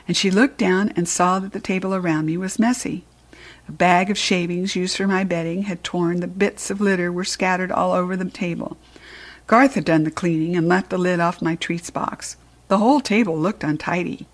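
A woman narrating a children's storybook in the first person with an expressive read-aloud delivery. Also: on the low side, moderate pace. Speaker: storybook reader.

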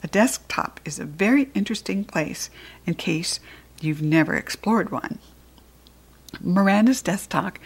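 A woman reading a children's story aloud in the first person, in a lively, expressive and playful way. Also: lowish voice, a little slow, husky. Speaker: audiobook reader.

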